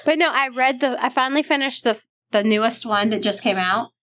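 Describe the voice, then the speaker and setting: A woman's voice: a little high, fairly quick, fairly bright tone. A woman hosting a library podcast, chatting casually and enthusiastically about books, laughing often. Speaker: podcast host. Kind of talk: casual book chat.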